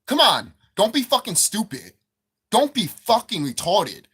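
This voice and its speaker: A gaming commentator launches a heated, profane rant about video game prices, repeating himself as his anger builds. His high voice is sing-song, husky and a bit bright, with a slightly slow delivery.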